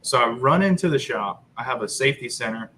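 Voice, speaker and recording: A man in his thirties, a guest on a live chat show, telling a story in an animated, joking way with lots of fillers. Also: medium pitch, a little fast, slight background noise, low-quality recording. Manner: joking, upbeat about a grim story.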